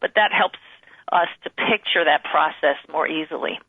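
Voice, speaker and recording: A woman's voice: sits low, moderate pace, no echo. Woman guest on a tinny phone line. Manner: calm, articulate, explains clearly. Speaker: guest medium. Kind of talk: interview conversation.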